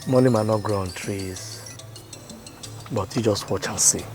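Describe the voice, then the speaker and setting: A man's voice: lowish voice, measured pace, over music, lightly acted. A man with a Nigerian accent playing an earnest young man, speaking in a film scene. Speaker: young man leaving for the city. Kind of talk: film acting.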